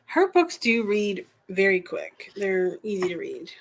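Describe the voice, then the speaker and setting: A woman co-hosting a casual livestream, chiming in with short, relaxed remarks. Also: medium pitch, a little slow, creaky, slight background noise. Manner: relaxed, brief interjections. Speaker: livestream co-host. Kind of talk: casual chat.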